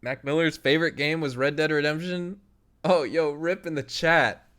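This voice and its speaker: A man's voice: fairly high pitch, steady tone, normal speed, fairly bright tone. A young man streaming live, chatting casually with his viewers, reading their messages aloud and laughing often. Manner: loose, laughing, reads chat aloud and tries impressions.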